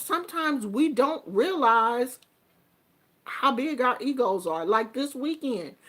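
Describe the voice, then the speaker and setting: An older woman speaks in an unhurried, conversational monologue, sharing family advice in an earnest, reflective way. Her voice sits a little high for a woman, and she takes her time over every thought. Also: bright, forceful tone. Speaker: vlogger giving life advice. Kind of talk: casual monologue.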